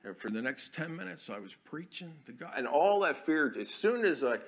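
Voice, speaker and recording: A man, an Army chaplain preaching a folksy, storytelling sermon in a church, dropping to quiet asides and rising to loud declarations. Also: a little high, very animated, brisk. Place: church sanctuary.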